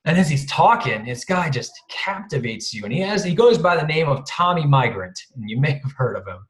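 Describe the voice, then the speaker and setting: A man's voice: fairly high pitch, expressive, a little fast. A man guest speaker telling a casual story over a video call, rambling, chuckling often and swearing casually. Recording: roomy video call audio.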